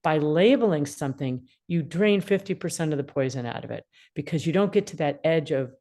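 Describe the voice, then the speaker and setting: A woman in her sixties with a low voice gives parenting advice as a mediator. She talks in an animated way and acts out the feelings she describes. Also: a little fast, hardly any pauses. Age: 60s. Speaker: attorney mediator and parenting guest.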